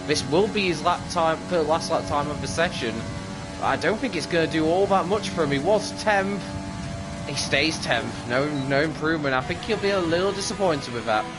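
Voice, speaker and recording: A man's voice: on the high side, lively intonation, normal speed. A man commentating a sim racing qualifying session with chatty, upbeat play-by-play and frequent fillers. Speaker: lead commentator. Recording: music bed underneath.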